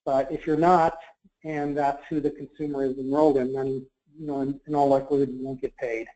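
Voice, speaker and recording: A man's voice: mid-range voice, little pitch movement, fairly quick, warm tone. A man answering questions in a webinar, explaining policy carefully and hedging, with many fillers. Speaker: government marketplace representative. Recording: muffled webinar audio.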